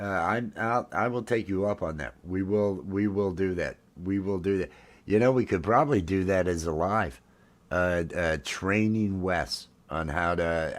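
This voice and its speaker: A man in his fifties hosting a casual live stream, rambling with lots of fillers and restarts. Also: deep voice. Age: 50s. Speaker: livestream host. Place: home, drinking coffee while streaming.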